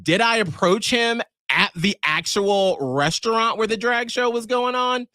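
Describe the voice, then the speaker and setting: A man in his forties co-hosting a podcast, telling stories in casual chat and acting out other people in shrill high voices. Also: unhurried, no echo, clean studio sound. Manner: animated storyteller who acts out people in shrill high voices. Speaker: podcast co-host.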